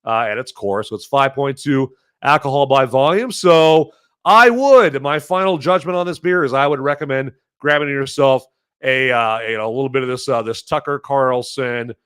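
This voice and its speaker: A man's voice: mid-range voice, steady tone, normal speed, fairly bright tone, clear, resonant tone. A man hosting a podcast who chats casually and rambles in a jokey way, with many fillers and self-corrections. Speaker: podcast host reviewing beer. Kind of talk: casual chat.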